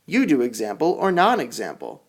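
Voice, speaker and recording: A man teaching English vocabulary, leading a call-and-repeat drill with slow, exaggerated enunciation. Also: on the high side. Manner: animated, sing-song teacher delivery. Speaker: ESL teacher.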